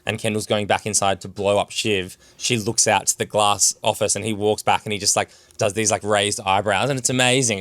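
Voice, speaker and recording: A man's voice: fairly low pitch, fairly quick, hardly any pauses, no echo. A man co-hosting a television recap podcast, talking animatedly and scattering "like" through his sentences. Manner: animated, filler-heavy with "like". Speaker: podcast co-host. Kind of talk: casual podcast chat.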